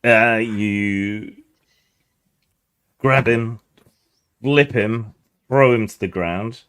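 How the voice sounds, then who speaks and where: Low-voiced guy gm describing scenes, easygoing, lots of ums. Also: extremely slow, smooth. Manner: relaxed, descriptive, many fillers. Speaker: game master. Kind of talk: narrating a tabletop game.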